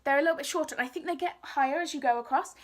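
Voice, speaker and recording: A woman's voice: sits high, racing. A young woman telling a story casually and animatedly, acting out what people said. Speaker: vlogger.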